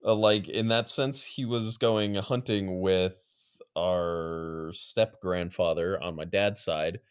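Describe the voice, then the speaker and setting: A woman's voice: extremely low pitch, slow, smooth. A woman in a casual podcast chat who swears and laughs a lot while telling stories.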